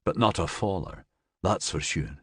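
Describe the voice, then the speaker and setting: A man voicing a grieving young man who speaks softly in a shaky voice. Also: low voice, measured pace, slightly rough, dry recording, studio quality. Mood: subdued. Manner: soft, shaky.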